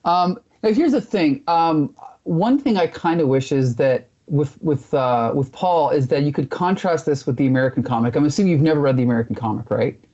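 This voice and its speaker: A man co-hosting a relaxed discussion about comic books. He rambles and thinks aloud, his voice dark and mellow. The audio sounds dull and lo-fi. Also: a little high, fairly quick. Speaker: podcast co-host.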